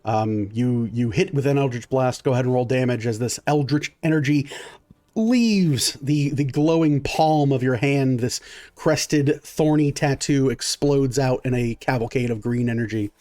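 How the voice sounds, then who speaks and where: A man's voice: medium pitch, a little slow, mellow. A man running a tabletop game as dungeon master, narrating vividly with many fillers.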